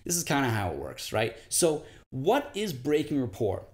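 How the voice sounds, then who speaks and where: A man's voice: huge pitch swings, normal speed. A man lecturing casually on confidence, talking conversationally and sometimes imitating other people's tones. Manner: conversational, demonstrates tones by mimicking high-pitched greetings.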